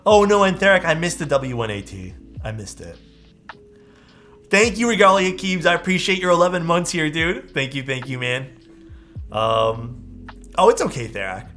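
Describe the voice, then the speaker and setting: A young man talks casually to his live-stream viewers, swearing freely and calling everyone dude. His voice sits a bit high and swings widely up and down as he grumbles and laughs. Soft music plays faintly underneath. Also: big pitch swings, moderate pace.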